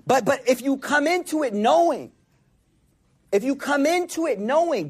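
A man preaching a sermon to a live audience, repeating phrases for emphasis and dropping from loud, emphatic lines to hushed, intimate ones. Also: high-pitched, animated, brisk, slightly rough.

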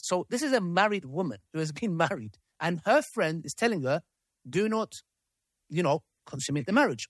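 A man's voice: a little high, sing-song, moderate pace. A man leads a live panel discussion and reads messages aloud, breaking off for asides and checks with the room. His voice rises and falls a great deal. The sound is close and dry, with little room echo. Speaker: host of a debate panel.

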